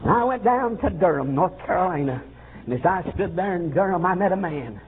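A man preaches a revival sermon in a high, ringing voice, swooping up into shouts and dropping low again, filling gaps with "uh." The recording is thin and phone-like, an old tape with a faint hiss underneath. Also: lively intonation, a little fast.

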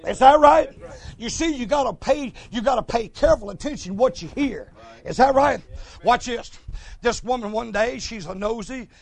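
A man's voice: very high voice, moderate pace, creaky. A man preaching a folksy sermon, telling stories and calling for responses. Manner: folksy, storytelling, calls for responses.

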